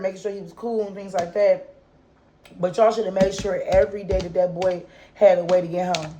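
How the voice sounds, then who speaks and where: A woman's voice: medium pitch, darkish tone, slight background noise, low-quality recording. A mother speaking straight to her viewers in an unscripted vlog monologue. She is impassioned and ranting, piles up rhetorical questions, and uses casual slang, calling her audience "y'all". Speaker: mother and kids' advocate.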